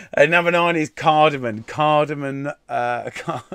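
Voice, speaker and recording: A man's voice: fairly high pitch, a bit bright, smooth, no echo. A man hosting a live-stream quiz, reading out answers in a chatty, sweary way and laughing at himself. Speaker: quiz host. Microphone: desk mic.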